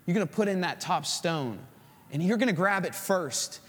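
A man preaching a sermon to a congregation, acting out stories in an animated way. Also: high voice, normal speed, in a large hall. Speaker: pastor.

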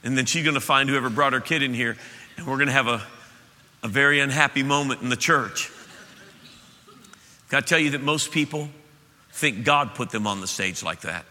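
A male pastor preaching an impassioned sermon to his church, swelling to loud peaks. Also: mid-range voice, normal speed, long pauses. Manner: impassioned, rising to shouts at peaks. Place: church auditorium. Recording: reverberant church hall.

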